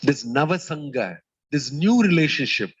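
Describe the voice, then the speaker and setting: Swami telling a parable. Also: male voice, fairly high pitch, very animated, slightly rough, lo-fi sound. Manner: storytelling, acts out quoted voices, pauses with "uh". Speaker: swami giving a spiritual talk. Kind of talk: sermon. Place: community hall.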